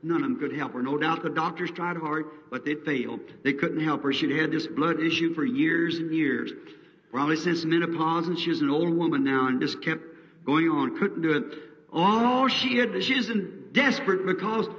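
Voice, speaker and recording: A man's voice: a little high, moderate pace, a bit bright. A man preaching a revival sermon, telling stories in plain country grammar and swelling into fervent cries. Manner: fervent folksy storytelling, voice surging to cries. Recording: dull old sermon tape, distant mic in a reverberant hall.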